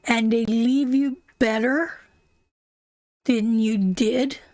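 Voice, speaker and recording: A woman's voice: on the high side, fairly even intonation, very slow, darkish tone, no room sound. A woman hosting a live tarot reading, who talks affectionately to viewers, calls them sweetheart and my darling, and repeats her points emphatically. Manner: emphatic, repeats phrases over and over.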